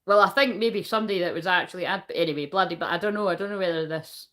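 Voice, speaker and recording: Woman tarot reader, loose rambling delivery, frequent swearing, slightly low pitch. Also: very fast, a bit bright. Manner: rambling, swears freely, laughs often. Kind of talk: casual live tarot reading.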